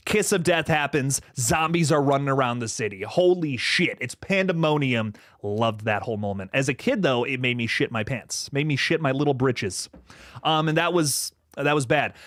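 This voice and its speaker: A man's voice: medium pitch, no room sound, studio quality. A man hosting a casual livestream, reading viewer comments, rambling with frequent swearing and laughter. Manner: animated, rambling, swears freely, laughs often. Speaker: livestream host.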